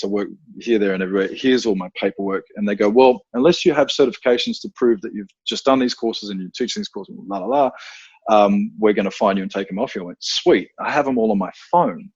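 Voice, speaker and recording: A man's voice: fairly low pitch, a little mellow, breathy edge, dry recording, highs cut off. An Australian man telling stories on a podcast, rambling with fillers and swearing freely. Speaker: guest, self-defense instructor. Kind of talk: casual podcast storytelling.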